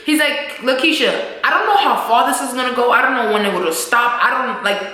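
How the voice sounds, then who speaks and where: A woman's voice: on the high side, brisk. A young woman vlogger recapping a TV episode in casual, slangy talk, acting out the characters' lines as she goes. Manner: animated, acts out characters' lines while recapping; slangy, swears freely. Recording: very echoey room.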